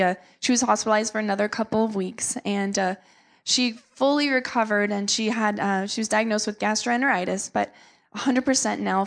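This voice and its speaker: A woman's voice: medium pitch, gravelly. A young woman, a missionary, giving an earnest and emotional testimony to a church, with many fillers. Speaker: missionary speaker.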